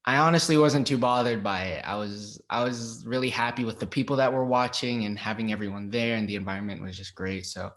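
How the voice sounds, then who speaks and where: Young male actor from Los Angeles, lowish pitch, relaxed, hesitant interview answers. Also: brisk, hardly any pauses. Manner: relaxed, hesitant, many ums and likes. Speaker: actor guest. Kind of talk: casual interview.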